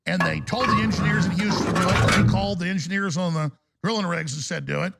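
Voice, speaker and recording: Male talk radio host ranting hard, gravelly rasp, fairly high voice. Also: steady tone, fast, loud music behind the voice. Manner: heated, ranting delivery.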